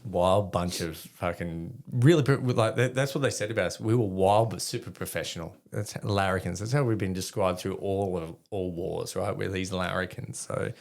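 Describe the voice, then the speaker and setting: A man's voice: low voice, normal speed, creaky, hardly any pauses, a little mellow. An Australian man, a podcast guest, telling rambling, swear-filled stories in casual chat. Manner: swears freely, rambling anecdotes with quoted dialogue. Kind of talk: casual storytelling.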